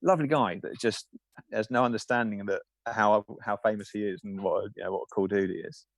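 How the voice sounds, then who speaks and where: Male guest with a low voice and a dry sound, rambling through anecdotes. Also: quick pace, vocal fry, no room sound. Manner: rambling anecdotes with many fillers. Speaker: film safety supervisor, guest. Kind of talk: casual podcast interview.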